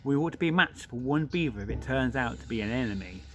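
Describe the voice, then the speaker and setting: A man's voice: medium pitch, animated, quick pace, slight background noise, lightly acted. A man voicing a sensible, take-charge young boy while reading a storybook aloud. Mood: decisive. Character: brave sensible young boy, eldest brother.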